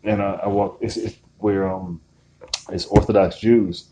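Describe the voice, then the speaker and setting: A man's voice: fairly low pitch, fairly even intonation, measured pace, background noise. A man hosting a casual podcast chat, joking, laughing often and tripping over his words as he talks. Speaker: podcast host.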